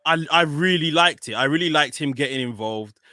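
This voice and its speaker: A man co-hosting a casual chat, lively and quick to laugh. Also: fairly high pitch, no echo, studio quality. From United Kingdom. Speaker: podcast co-host.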